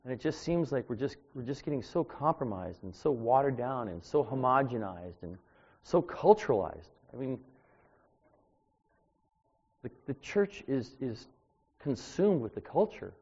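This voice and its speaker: A man delivering an informal sermon as a preacher, talking in a conversational, anecdotal way that grows louder when he gets animated. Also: mid-range voice, unhurried, husky. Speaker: street preacher. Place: church. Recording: dull lo-fi sound.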